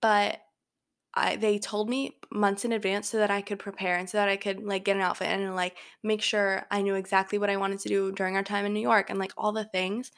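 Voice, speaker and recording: A young woman talks through her own casual podcast from her bedroom, rambling and leaning on filler words. Her pitch sits mid-range, but her voice drops into a noticeable vocal fry. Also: flat delivery, a little fast. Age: young adult. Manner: rambling, filler-heavy chatter. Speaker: podcast host. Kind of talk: casual solo podcast chat. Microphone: home microphone.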